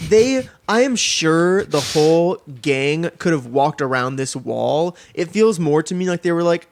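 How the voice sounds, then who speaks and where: A man with a somewhat higher voice co-hosts a chatty podcast. He is animated and keeps slipping into quoted voices as he retells a story. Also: unhurried, creaky, hardly any pauses. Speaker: podcast co-host. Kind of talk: casual chat.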